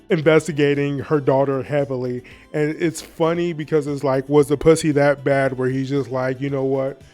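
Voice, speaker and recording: Man, casual commentary host, rambling, profane, laughs a lot, a bit high-pitched. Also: darkish tone. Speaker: video essay host.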